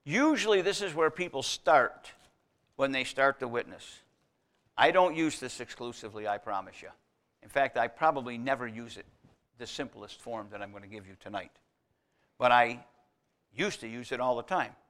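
A man preaching a teaching sermon, talking through Bible verses in a conversational way and stressing key words as his loudness rises and falls. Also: medium pitch, normal speed. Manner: conversational, emphatic on key words, swings between loud and quiet.

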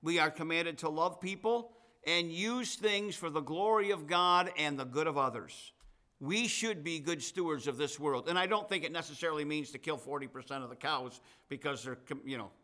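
A man's voice: fairly high pitch, sharp tone. A middle-aged man preaching a sermon to his congregation, mixing scripture with chatty asides and folksy humor. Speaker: pastor.

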